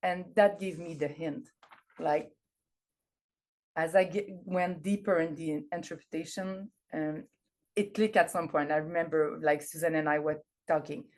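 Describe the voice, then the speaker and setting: A woman speaking English as a second language, giving an academic presentation over a video call, hesitant with many fillers and restarts. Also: low voice. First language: not English. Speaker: conference presenter.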